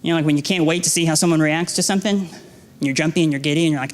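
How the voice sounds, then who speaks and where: A young man gives a guest sermon in a church, his voice sitting high for a man. He exhorts with stacked, repeated phrases and stammers into restarts when he leans on a point, mixing in self-deprecating stories. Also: fairly even intonation, very fast. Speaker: guest preacher. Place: church sanctuary.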